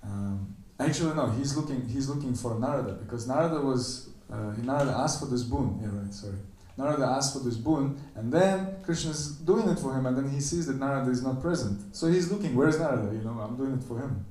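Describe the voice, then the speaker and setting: A man giving a temple lecture, animatedly telling a story and acting out the characters' quoted lines in a higher voice. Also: brisk, few pauses, mellow. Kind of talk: storytelling sermon. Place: temple hall. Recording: echoey room, voice from a distance.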